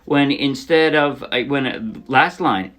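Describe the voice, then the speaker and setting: A man teaching a song on ukulele in a relaxed, casual way, often correcting himself as he explains. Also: mid-range voice, measured pace. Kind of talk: casual instructional talk. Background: his own ukulele playing.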